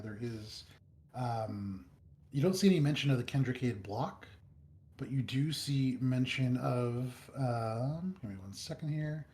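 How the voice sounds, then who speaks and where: A man's voice: mid-range voice, darkish tone. A man narrating a tabletop game as dungeon master, describing the scene with frequent ums and uhs. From United States.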